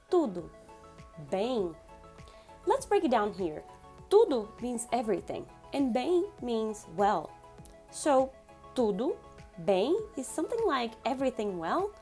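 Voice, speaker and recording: Animated woman teaching beginners. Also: on the high side, faint music behind. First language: Portuguese. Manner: animated, repeats words slowly for learners. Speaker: language teacher. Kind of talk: beginner language lesson.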